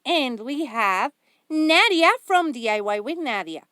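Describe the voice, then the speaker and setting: A woman's voice: sits high, lively intonation, unhurried, sharp tone, clean tone, dry recording, studio quality. A woman hosting a craft haul vlog, gushing and giggling with enthusiasm over each item. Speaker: craft channel host.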